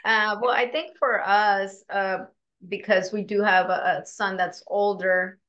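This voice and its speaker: Woman, participant, slow, bright tone, hesitant, dull distant recording. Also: medium pitch, steady tone. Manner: hesitant, searching for words. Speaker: class participant. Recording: dull, distant room mic.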